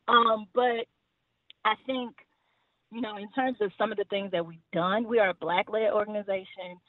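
A woman's voice: medium pitch, steady tone, moderate pace, dry recording. Woman organizer on a tinny line. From Houston, Texas. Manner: conversational, fillers and laughs, earnest. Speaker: guest, community organizer. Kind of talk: casual podcast interview.

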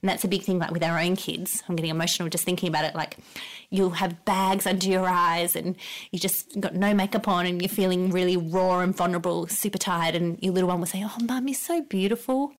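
A woman talks as a podcast guest in an earnest, reassuring way. Her voice sits a little low, and she speaks from the heart. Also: flat delivery, brisk. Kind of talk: earnest conversational interview.

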